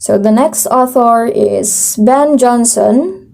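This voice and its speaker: A young woman with a Filipino accent gives a class report, switching between English and Tagalog. She talks slowly and hesitantly, restarting words and filling pauses. Her voice is mellow and sits fairly high, with a slightly strained edge. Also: creaky. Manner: hesitant, with many fillers and self-corrections.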